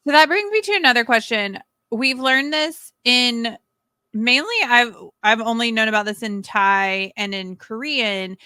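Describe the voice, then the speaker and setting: Bright curious young woman co-host. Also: fairly high pitch, unhurried, clean tone, dry recording. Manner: curious, chimes in with short reactions. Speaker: podcast co-host. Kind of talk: casual podcast chat.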